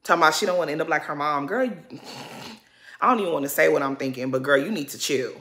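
Sassy woman recapping reality tv to her viewers, bright punchy voice, real blunt. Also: deep voice, quick pace. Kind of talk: casual recap commentary.

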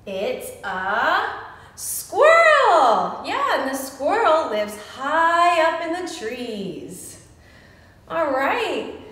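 Lively high-voiced woman reading to kids. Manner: animated, sing-song, playful with young kids. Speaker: children's librarian. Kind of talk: virtual story time for children. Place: library room. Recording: echoey room with long reverb.

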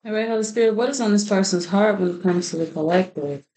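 A woman's voice: medium pitch, fast, warm tone. A woman giving a chatty tarot reading, praying aloud and often laughing. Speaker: tarot reader. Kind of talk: casual tarot reading to camera.

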